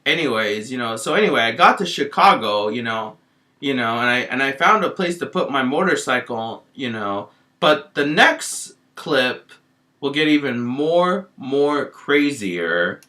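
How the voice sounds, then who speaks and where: A man tells an in-character story in a loose, rambling monologue. He fills almost every pause with "you know" and restarts his sentences often. His voice has a bright, somewhat tense edge. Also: medium pitch, big pitch swings. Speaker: vlogger.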